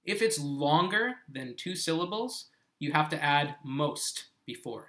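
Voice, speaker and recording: A man's voice: fairly high pitch, animated, a little slow, a bit bright. A man teaching English grammar in a live-streamed lesson, explaining patiently and often checking "okay?" with his viewers. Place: living on an island in South Korea.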